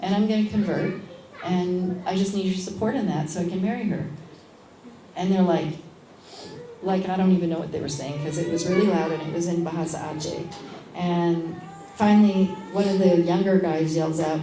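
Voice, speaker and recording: A middle-aged woman, a midwife being interviewed, tells a story in a casual, animated way and acts out other people's lines. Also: fairly low pitch, fairly quick. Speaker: guest, midwife. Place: event space at a lunch gathering. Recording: echoey room with background noise.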